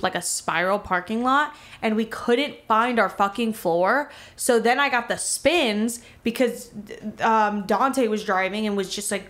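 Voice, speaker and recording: A woman from Miami telling a wild story in a casual podcast chat, rambling and full of filler words. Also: mid-range voice. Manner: rambling, filler-heavy, animated retelling. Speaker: podcast co-host.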